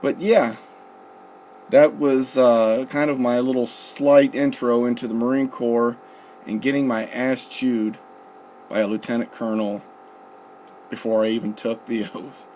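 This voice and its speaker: Young man, casual storyteller, profane, relaxed, faint background hum. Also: medium pitch, unhurried. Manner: profane, laid-back, quotes others with "I'm like" and "he goes". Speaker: storyteller recalling his recruit days.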